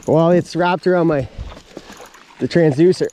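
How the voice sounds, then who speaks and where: A young outdoor vlogger narrates casually from a frozen lake, swearing, exclaiming, and talking to the fish and to himself. His voice is a little high and creaky, his pace slow, with a noisy background.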